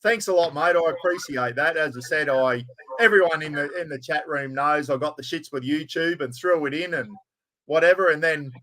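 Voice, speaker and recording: A blokey Australian man hosts a relaxed livestream chat, laughing easily and swearing casually. His voice sits a little higher than most men's. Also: normal speed. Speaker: livestream host.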